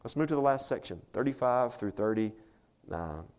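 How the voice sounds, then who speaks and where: Preaching in church, a pastor talks at normal speed in a medium-pitched voice that is clear, resonant and a little mellow, with lively intonation. His sermon is chatty and conversational, with frequent rhetorical questions to the congregation.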